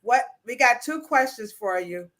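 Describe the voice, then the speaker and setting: A woman's voice: fairly high pitch, expressive, unhurried, fairly bright tone. A woman hosting a casual livestream chat, playful and teasing, with slangy mock-scolding asides. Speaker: livestream host.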